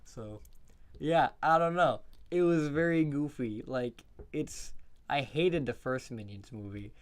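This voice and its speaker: Here a man casually streams his movie reviews, rambling loosely and often bursting into laughter and curses. His voice is mid-range and he takes his time.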